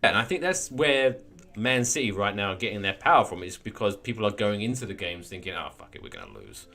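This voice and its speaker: Man, podcast co-host, casual chat, low lively voice, bright tone, rambling. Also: fast. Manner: rambling, restarts often, swears casually.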